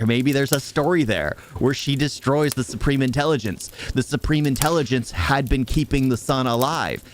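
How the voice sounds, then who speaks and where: A man's voice: medium pitch, slight background noise. A man ranting sarcastically through a movie review, firing off exasperated rhetorical questions.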